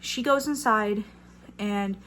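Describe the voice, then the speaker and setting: A woman's voice: mid-range voice, slow, fairly bright tone. Chatty young woman telling a storytime. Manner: chatty, many fillers, swears when riled. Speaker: vlogger. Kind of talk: casual storytime.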